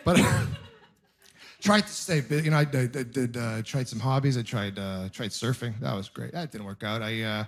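A man's voice: medium pitch, normal speed. A young adult man doing a stand-up comedy set on stage, rambling and self-deprecating, with punchy storytelling. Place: comedy club stage with laughing audience.

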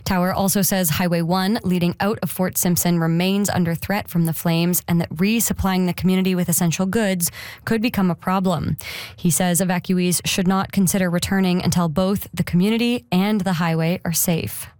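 A woman news anchor reading a regional radio newscast in a steady, measured way. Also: fairly low pitch, no echo. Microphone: studio microphone.

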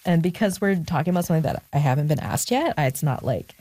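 Low-voiced woman, candid and reflective. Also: animated, quick pace, mellow, slight background noise. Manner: reflective, candid, gets emotional and laughs it off. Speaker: author guest. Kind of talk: personal interview conversation.

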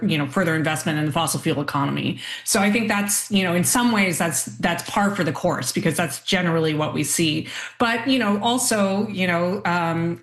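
A woman's voice: on the low side, roomy sound. A woman speaking as a panel guest, hesitant with many fillers and restarts. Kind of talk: panel discussion.

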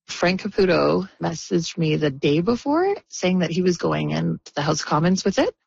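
Tearful, gravelly woman in an interview. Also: lowish voice, sing-song, darkish tone, dry recording, muffled recording. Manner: halting, tearful, with nervous laughs. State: near tears. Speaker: interviewee, friend of a victim. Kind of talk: emotional radio interview.

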